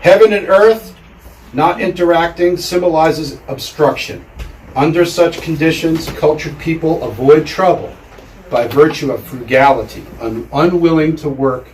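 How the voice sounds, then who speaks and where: A man's voice: a little high, a little slow, a little mellow, slight background noise. A man giving a casual lecture to a room of listeners, chatty and full of fillers, getting the audience to repeat words aloud. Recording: echoey room, mic far off.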